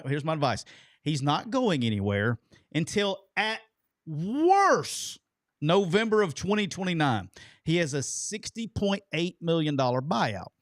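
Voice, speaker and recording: A man's voice: a little high, no room sound, clean studio sound. A man co-hosting a sports talk show, chatty and loose, often restarting his sentences. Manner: chatty, restarts and repeats himself. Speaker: co-host.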